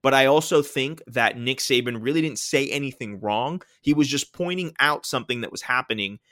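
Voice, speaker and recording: A man with a bright, forceful voice talks sports in a relaxed, explanatory way. He stresses key words and keeps asking "right?" to drive his points home. The sound is close and dry. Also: mid-range voice, no room sound. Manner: explanatory, emphatic, often tags points with "right?". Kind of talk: casual sports commentary.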